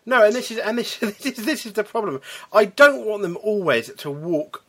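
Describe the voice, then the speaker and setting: A man's voice: sits high, expressive, moderate pace, pushed and bright. A man co-hosting a wrestling podcast, talking in long rambling runs in casual chat. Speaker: podcast co-host.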